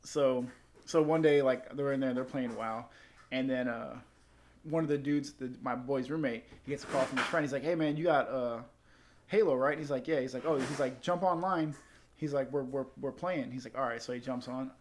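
A man telling a long casual story, rambling, swearing, and acting out quotes in higher voices. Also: normal speed, a little hiss or hum.

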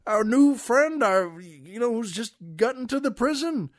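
An older American man hosting a comedy show, telling a long joke with folksy, chuckling asides in a relaxed way. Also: very high-pitched, measured pace, no echo, studio quality. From United States. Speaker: podcast host. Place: studio.

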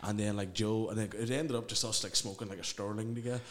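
A young man tells rambling stories in casual chat. He swears freely and bursts into loud acted-out quotes. His voice sits on the low side, and his words tumble out quickly. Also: fairly even intonation. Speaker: podcast guest.

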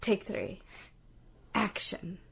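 A woman's voice: medium pitch, big pitch swings, very slow, creaky. A woman co-hosting a casual chat, teasing her co-host and laughing often. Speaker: podcast co-host.

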